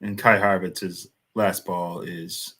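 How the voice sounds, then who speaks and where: American man, very low voice, casual watchalong banter, frequent laughs. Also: little pitch movement, takes it slowly, bright, forceful tone, breathy edge. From United States. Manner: laughs often, loose rambling banter. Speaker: watchalong co-host. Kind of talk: casual match commentary chat.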